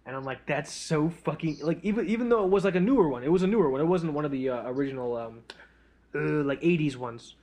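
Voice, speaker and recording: A man's voice: a little high, lively intonation, fast talker, warm tone. A man co-hosting a casual podcast chat, telling a rambling, profane, self-deprecating story. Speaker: podcast co-host.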